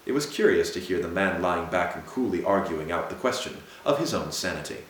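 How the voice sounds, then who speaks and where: A man reading a Victorian ghost story aloud in a measured, dramatic way. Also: low-pitched, lively intonation. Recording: very echoey room.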